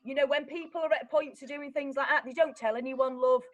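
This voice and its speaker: A woman's voice: high-pitched, fast, lo-fi sound. Blunt, swearing young woman. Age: young adult. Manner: blunt, swears often, animated. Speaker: guest. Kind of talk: candid personal storytelling.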